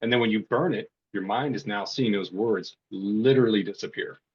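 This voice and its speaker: A man, a burnout coach and podcast guest, telling stories in a casual, animated way and acting out the voices he quotes. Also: on the low side, normal speed, slightly rough, lo-fi sound. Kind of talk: casual storytelling.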